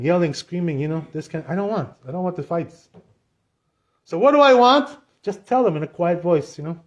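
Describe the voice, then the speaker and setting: Rabbi, man, high-pitched; lively storyteller who acts out the dialogue. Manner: animated retelling, acts out dialogue, frequent "you know". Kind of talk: storytelling Torah class.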